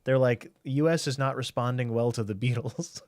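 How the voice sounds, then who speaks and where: A man voicing a flustered, panicky male TV executive who barks hurried orders. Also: mid-range voice, darkish tone, no room sound, clean studio sound, natural voice. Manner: frantic, hurried commands.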